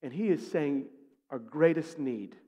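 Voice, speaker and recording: A man's voice: on the high side, animated, unhurried, warm tone. Emphatic male pastor in echoing sanctuary. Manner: emphatic, poses rhetorical questions to the congregation. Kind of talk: sermon. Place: church sanctuary. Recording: long reverb of a large sanctuary.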